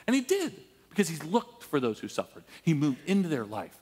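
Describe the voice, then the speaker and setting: A pastor preaching a sermon, telling stories with playful asides. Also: male voice, high voice, quick pace. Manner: animated storytelling with playful asides and laughs. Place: church sanctuary. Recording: long church hall reverb.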